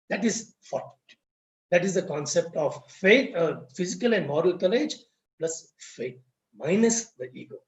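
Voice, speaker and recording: A man lectures through a string of parables, repeating key phrases to drive them home. His voice sits fairly high for a man. The audio is roomy and muffled, as a webinar recording often is. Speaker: guest speaker at a lodge webinar. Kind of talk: storytelling lecture. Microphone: video call.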